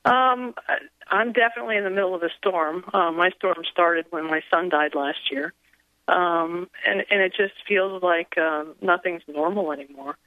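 A woman calling in to a radio show who speaks in a hesitant, halting way. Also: on the low side, no room sound. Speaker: caller. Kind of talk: radio call-in. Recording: tinny phone line.

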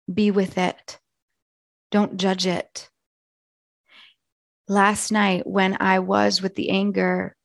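Woman, hoarse, gravelly, soft and earnest, reflective monologue, dry close sound. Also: mid-range voice, dry recording. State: hoarse from yelling. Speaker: wellness coach.

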